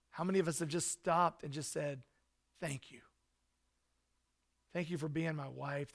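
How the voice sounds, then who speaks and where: Preacher guy, gravelly voice, kinda high, earnest, gets loud then goes soft. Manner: earnest, preacherly, swings from loud emphasis to soft hushed lines. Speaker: pastor. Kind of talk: sermon.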